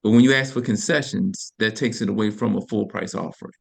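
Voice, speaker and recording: Gravelly hesitant man on a call. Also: fairly low pitch, a little fast. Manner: hesitant, many fillers and restarts. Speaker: agent asking a question on a call. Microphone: video call.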